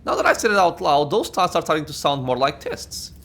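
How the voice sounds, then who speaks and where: A man's voice: a little high, very animated, a little fast, a bit bright, exaggerated voice. A man reading aloud the lines of a troubled, defiant woman psyker from a video game, in a slightly raised voice. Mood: uneasy. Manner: reads dialogue aloud in a slightly raised, lightly acted voice.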